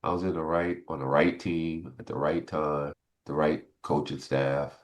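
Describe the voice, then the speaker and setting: A man's voice: a bass voice, a little slow. A man in his sixties, a former pro football player, telling stories in an interview and acting out old conversations. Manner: animated, acts out old conversations. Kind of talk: casual interview storytelling.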